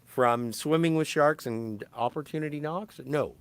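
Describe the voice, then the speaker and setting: Clear and resonant with no echo, this man's slightly high voice moves at a measured pace. Co-hosting a podcast, he animatedly recaps a film in casual conversation, frequently stopping to correct himself mid-sentence.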